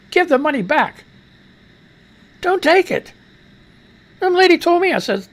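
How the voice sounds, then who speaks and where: A male talk radio host rants profanely about the news at a moderate pace with long pauses. He reads news items aloud and adds asides, his voice climbing high whenever excitement takes over.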